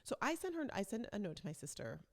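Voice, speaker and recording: A woman's voice: mid-range voice, sing-song, fast, creaky. A woman hosting her own vlog, chatting casually and rambling along as a self-described talker. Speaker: vlog host. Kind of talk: casual chat.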